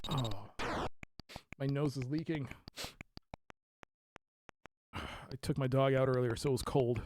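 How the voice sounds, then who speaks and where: A live streamer giving chatty let's play commentary, rambling with self-correcting asides and breaking into loud yelps and laughter while playing. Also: medium pitch, steady tone, a little slow, a little hiss or hum.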